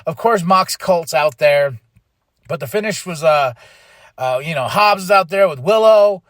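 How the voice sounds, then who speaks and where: Animated man recapping wrestling, dry mic. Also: on the high side, no room sound. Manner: animated, quick mock voices for quoted wrestlers. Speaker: podcast host.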